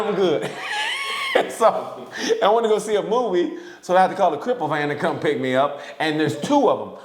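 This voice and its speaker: A man co-hosting a podcast, telling stories in a casual chat, swearing often and breaking into laughter. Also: medium pitch. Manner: profane, laughing, animated storyteller. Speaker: podcast co-host. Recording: roomy echo.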